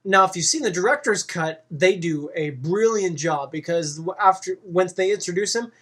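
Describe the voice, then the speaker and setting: A movie reviewer giving a casual spoken review, rambling and halting with frequent fillers. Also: mid-range voice, fairly bright tone.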